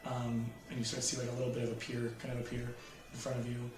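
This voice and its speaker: A man's voice: medium pitch, completely flat delivery, rapid-fire, background noise. A man running a tabletop game as game master, describing scenes with lots of fillers and frequent laughter. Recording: very echoey room.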